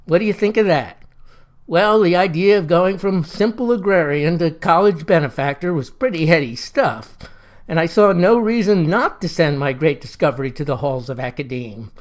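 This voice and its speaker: A man narrating a first-person story in a folksy, wry, deadpan manner. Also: high-pitched, moderate pace.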